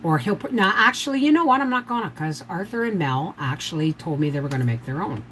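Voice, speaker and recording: Talking fast and expressively, an older woman hosts a rambling, chatty homestead livestream and explains canning step by step. Her lowish voice has a fairly bright tone, heard through poor audio with a little hiss or hum.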